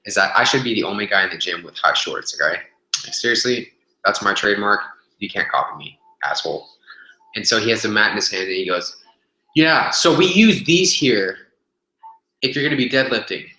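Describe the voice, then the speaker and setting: A man's voice: fairly low pitch, bright, forceful tone. A young man telling a gym story on a casual webcast, rambling, swearing freely, full of fillers and restarts, recorded on a webcam in a room. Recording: echoey room webcam audio.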